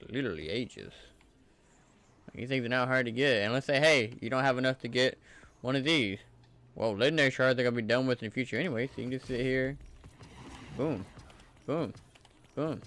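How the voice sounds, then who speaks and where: A man's voice: mid-range voice, a bit bright. A man giving casual, enthusiastic commentary over gameplay footage in a loose, conversational way. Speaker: gaming channel creator.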